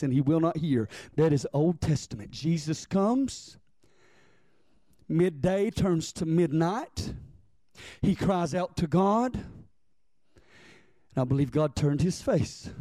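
High-voiced preacher. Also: male voice, dry recording, clean studio sound. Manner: rises to shouted, drawn-out preaching peaks; calls for congregation responses. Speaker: pastor. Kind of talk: sermon. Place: church.

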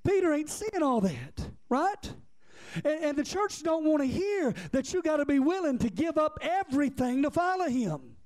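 High-pitched man preaching a fiery sermon. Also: sing-song, normal speed. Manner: impassioned, rhythmic repetition, bursts into shouting; speaks directly to the congregation.

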